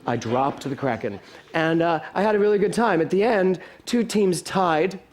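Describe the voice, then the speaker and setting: A man preaching from the pulpit, spinning a humorous personal story. His voice sits a little high and he talks with animated, self-deprecating humor, chuckling at himself as he goes. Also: normal speed. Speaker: pastor. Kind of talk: storytelling sermon. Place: spiritual center sanctuary.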